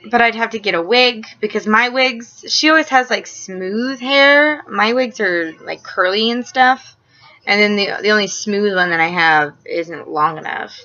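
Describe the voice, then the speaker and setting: A young woman and mother chatting casually in a home vlog. She fills her talk with fillers, jumps between topics and gets giggly and excitable. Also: mid-range voice, unhurried. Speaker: vlogger and mother. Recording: slightly dull home-video sound.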